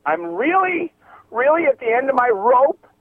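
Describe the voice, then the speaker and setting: A man's voice: very high-pitched, animated, moderate pace, dry recording. A man with a Boston accent phoning in to a comedy show, rambling through menacing threats. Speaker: caller. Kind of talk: comedic phone-in rant. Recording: tinny phone line.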